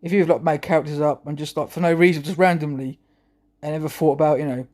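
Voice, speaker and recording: Man, vlog monologue, rambling, chuckles a lot, fairly high voice. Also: fairly even intonation, fast, darkish tone. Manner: rambling, full of restarts, chuckling. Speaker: vlogger.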